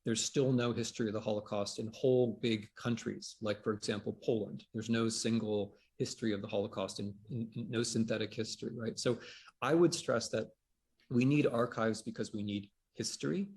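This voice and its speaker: A man's voice: lowish voice, fairly even intonation, a little fast, darkish tone, breathy edge. A man speaking as a historian on a panel, reflective, with frequent restarts and repeated words. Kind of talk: conversational panel discussion.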